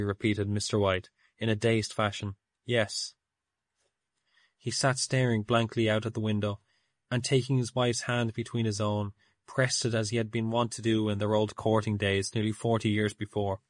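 A man narrating an audiobook in a measured storytelling manner. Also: lowish voice, dry recording. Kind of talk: audiobook reading.

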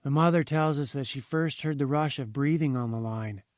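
A man reading a story aloud, measured and slowing at grim moments. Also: mid-range voice, no room sound, clean studio sound. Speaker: narrator. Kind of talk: scripted narration of a story.

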